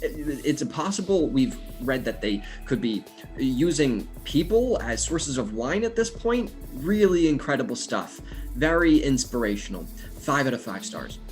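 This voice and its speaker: A man improvising a bumbling male business bureau official who gives a rambling, halting review full of filler sounds. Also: medium pitch, big pitch swings, faint music behind. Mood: earnest. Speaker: improv comedian.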